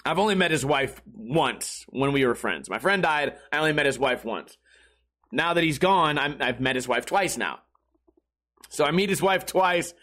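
A man's voice: a little high, expressive, moderate pace, pushed and bright. A man hosting a podcast, telling a story casually, swearing and laughing often. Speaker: podcast host.

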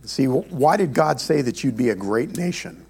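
An American man, a pastor, preaching a sermon in a church in an animated, conversational storytelling way. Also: medium pitch, moderate pace, vocal fry, breathy edge. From United States.

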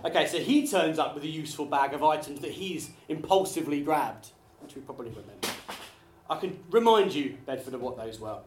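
A man doing a live stand-up routine, chatty and quick with apologetic asides to the crowd. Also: a little high, animated, a little hiss or hum. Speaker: stand-up comedian. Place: small theatre studio with a live audience. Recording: echoey live room, faint ambience.

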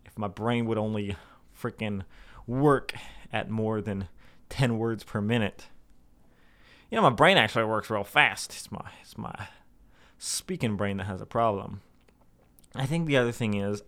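A young man talking candidly to his viewers, rambling and self-deprecating, with many restarts and some swearing. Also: a bit bright. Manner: puts on anxious inner voices in a sudden high pitch. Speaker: vlogger. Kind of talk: candid personal monologue to camera.

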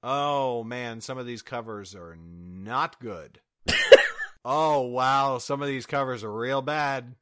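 A man's voice: medium pitch, takes it slowly, hardly any pauses, fairly bright tone, clear, resonant tone. A man appearing as a guest author, making wry comments and groaning reactions in casual chat.

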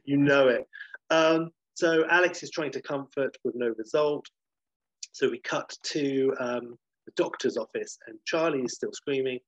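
A man, casually pitching and reading out a film script, rambling and correcting himself as he goes. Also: a little slow, no room sound, highs cut off. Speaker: podcast host pitching a film idea.

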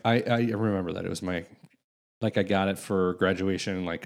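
A man in his late thirties or forties talking casually as a co-host, with a low, gravelly voice. He meanders through thoughts and sometimes reads details aloud. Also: fairly even intonation, fairly quick. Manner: rambling, reads facts aloud. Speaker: podcast co-host. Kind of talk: casual chat.

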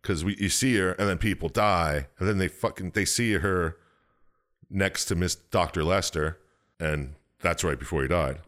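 A man's voice: deep voice, normal speed, fairly bright tone. A man casually recapping a game's story, rambling and swearing, slipping into quoted voices. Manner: rambling, profane, jumps into silly quoted voices. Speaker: podcast co-host recapping a game story. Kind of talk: casual chat.

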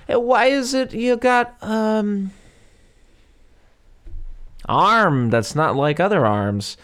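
A man voicing a blunt, gruff young son of a famous scientist, asking a halting question in a high put-on voice. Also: lively intonation, a bit bright, full character voice. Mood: curious.

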